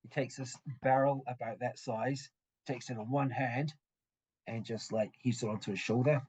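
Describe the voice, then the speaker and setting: Male game master, husky, stop-start narration of a tavern scene. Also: mid-range voice, steady tone, a little mellow. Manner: halting, full of ums and restarts.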